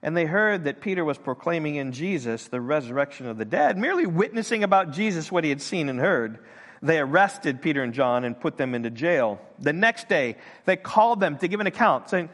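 A man's voice: fairly high pitch, fairly quick. Older man preaching, with hall reverb. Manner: animated storytelling, acting out voices in quotes. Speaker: pastor. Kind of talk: sermon.

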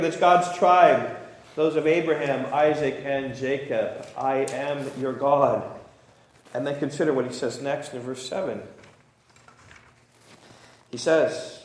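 A man's voice: fairly high pitch, a little slow. A man preaching a sermon, reading scripture aloud and then explaining it earnestly, sometimes stumbling into small restarts. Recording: very echoey room.

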